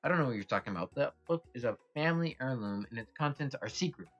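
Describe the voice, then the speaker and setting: A burly, quick-tempered male student rival, as a man puts him on snaps back defensively. The sound is slightly muffled. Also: mid-range voice, animated, fairly bright tone, soft background music, lightly acted.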